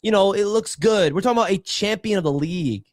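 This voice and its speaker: A man with a high voice ribs his co-host on a football roundtable, laughing as he presses his point. The sound is dry and close. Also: fast talker, no echo. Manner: teasing, ribbing, laughing. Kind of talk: casual sports roundtable chat.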